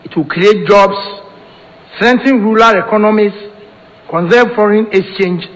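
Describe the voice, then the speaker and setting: A man delivering a formal prepared conference speech in a measured, rhetorical manner. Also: high voice, a bit bright. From Ghana. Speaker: conference speaker. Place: conference hall. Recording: long hall reverb.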